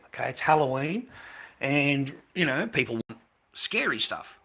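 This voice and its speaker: An Australian man in middle age chats on his livestream in a bright, forward voice. He rambles, repeats his points, and drops in mate and the odd swear word. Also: mid-range voice, big pitch swings, measured pace, breathy edge. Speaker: livestreamer selling handmade masks. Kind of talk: casual livestream chat.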